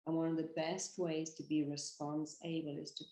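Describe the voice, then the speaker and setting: British woman speaking with emphatic, animated energy. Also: deep voice, normal speed, roomy sound, rough recording. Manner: emphatic, animated storytelling with acted quotes. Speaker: therapist and hypnotherapist. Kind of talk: motivational talk to camera.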